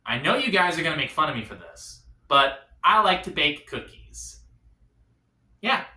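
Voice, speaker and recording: A man doing a self-deprecating stand-up set, with a bright tone and a lively, swooping delivery. He drops to quiet punchlines. The set is recorded in an echoey room. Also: a little high, normal speed. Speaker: stand-up comedian.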